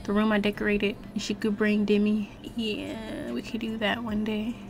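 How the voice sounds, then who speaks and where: A young woman chatting casually as she streams a life-sim game, talking to her viewers and the characters with slangy, animated exclamations. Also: mid-range voice, normal speed, vocal fry, slight background noise. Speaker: gaming streamer. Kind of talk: casual let's-play commentary.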